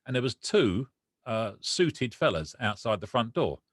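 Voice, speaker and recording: A man's voice: mid-range voice, measured pace, no echo. A man tells a painful personal story as a podcast guest, voice in a middle register and full of feeling. He slips into the voices of the people he recalls as he goes. The sound is dry and close, with no room around it. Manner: emotional, animated retelling with quoted dialogue.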